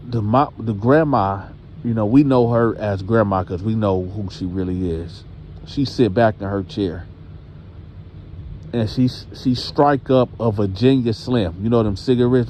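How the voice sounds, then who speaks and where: A man's voice: lowish voice, unhurried, warm tone, a little hiss or hum. A man hosting a channel, telling a story casually and addressing his audience directly.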